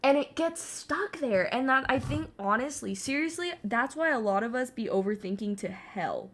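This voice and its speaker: Young woman vlogger, rambling chat while painting, swears a lot, bursts into yelling, slightly high voice. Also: lively intonation, normal speed. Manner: rambling, self-mocking, swings into sudden yelling; frequent swearing and filler "like". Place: alone at home.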